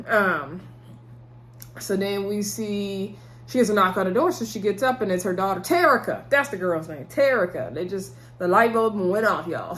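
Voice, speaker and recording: A woman's voice: medium pitch, a little hiss or hum. A woman giving a casual TV episode recap from a table, talking with her hands, chatty, retelling scenes and calling viewers y'all. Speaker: TV episode reviewer. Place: indoors at a table.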